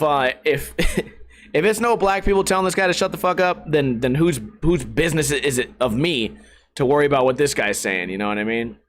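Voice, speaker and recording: A man hosting a casual solo podcast, talking in a brash, profane and excitable way. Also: medium pitch. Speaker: podcast host.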